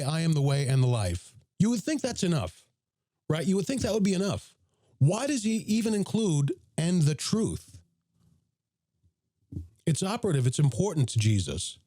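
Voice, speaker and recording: Hoarse, raspy man hosting a podcast. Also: sing-song, moderate pace, dark tone, dry recording, clean studio sound. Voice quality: deep, raspy. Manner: chatty, blunt, self-promoting. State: hoarse from a cold. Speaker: podcast host. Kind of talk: casual livestream talk.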